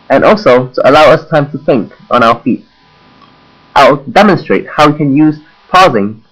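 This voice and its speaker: A young man with a Hong Kong English accent gives a scripted class presentation, measured and demonstrative with deliberate pauses. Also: medium pitch, breathy edge, poor audio. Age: young adult. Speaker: university student presenter.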